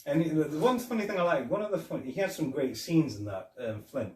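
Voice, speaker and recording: A man's voice: fairly high pitch, lively intonation, brisk, darkish tone. Rambling man, echoey room. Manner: rambling, retells scenes with quoted lines and laughs. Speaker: podcast co-host. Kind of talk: casual film review chat. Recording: echoey room, distant mic.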